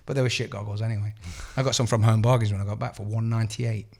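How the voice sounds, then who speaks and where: A man with a British accent telling an animated, profane story as a podcast co-host, acting out the dialogue. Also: on the low side, quick pace, vocal fry. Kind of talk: casual storytelling chat.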